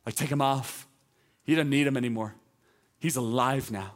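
With a mid-range voice at normal speed, a male teaching pastor moves through his sermon conversationally and emphatically, eventually reaching loud proclamations.

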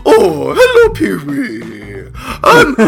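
A giddy male pterodactyl squeals in a shrill falsetto that leaps wildly. It gasps between bursts, and the sound is bright and piercing. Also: huge pitch swings, extremely slow, creaky, faint music behind, exaggerated voice.

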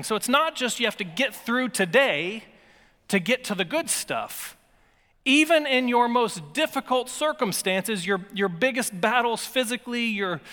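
Male pastor, high bright voice, emphatic preaching with light humor, long reverb of a church hall. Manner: emphatic preaching with playful asides and repeated words. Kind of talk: sermon.

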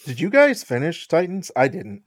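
A man's voice: fairly high pitch, huge pitch swings, moderate pace, no echo, clean studio sound. A man co-hosting a podcast in casual chat, giving frank, opinionated takes. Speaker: podcast co-host.

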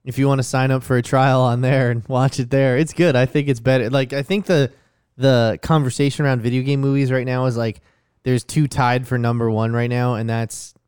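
A man's voice: mid-range voice, little pitch movement, fairly quick, darkish tone, smooth. A man hosting a casual podcast chat, blunt and profane as he runs through the topics. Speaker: podcast host.

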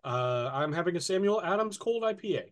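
A woman's voice: on the low side, brisk. Woman from north alabama co-hosting, bouncy up and down voice, lots of ums and laughs. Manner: hesitant, lively, laughs easily. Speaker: podcast co-host. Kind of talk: casual chat.

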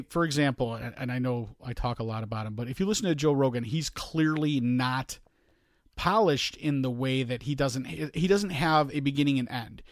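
A man's voice: mid-range voice, dry recording, clean studio sound. A man co-hosting a podcast in casual chat, rambling through stories and acting out quoted asides. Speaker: podcast co-host.

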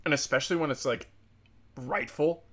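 A man's voice: on the high side, normal speed, fairly bright tone. A man ranting on his own show in a sarcastic, profane, heated way. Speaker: commentator. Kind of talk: casual political rant.

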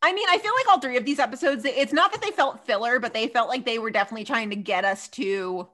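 Woman with a slightly high voice gushing through an episode recap, lots of like and so funny, super animated. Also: fast. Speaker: podcast co-host. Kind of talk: casual chat recapping TV episodes.

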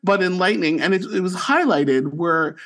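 A man co-hosts a podcast in easy, casual conversation. His voice sits fairly high, and he gushes with enthusiasm, slipping into little quoted voices as he retells scenes. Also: expressive, moderate pace, a bit bright. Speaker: podcast co-host. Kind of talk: casual chat.

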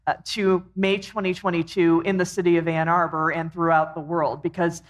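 A middle-aged woman co-hosts a faith-based marriage talk with a chatty, warm delivery, weaving in scripture quotes. Her voice sits lower than most women's. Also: flat delivery, normal speed. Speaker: co-host.

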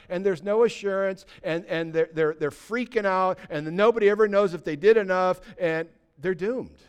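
A pastor preaching an urgent, emphatic sermon, repeating short declarations and dropping low and soft when he pleads. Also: a little slow, clear, resonant tone.

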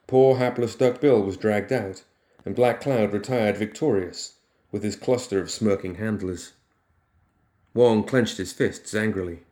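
A man narrating a fiction audiobook in steady storytelling. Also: fairly low pitch, unhurried.

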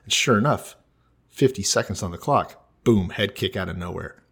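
A man's voice: lowish voice, animated, normal speed, creaky, fairly bright tone, slightly rough. A man co-hosting a casual comedy podcast, telling a story in a laid-back way. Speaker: podcast co-host.

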